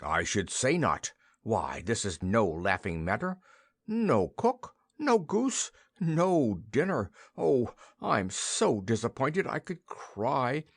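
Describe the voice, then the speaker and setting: A man voicing a plump, jolly old king in a storybook reading, with a raised, drawn-out, excitable delivery. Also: low-pitched, dry recording, heavily acted. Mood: dismayed.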